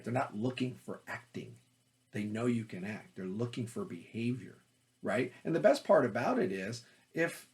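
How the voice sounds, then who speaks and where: A man teaching about auditions as an acting coach, talking in a loud, forceful, energetic way. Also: mid-range voice.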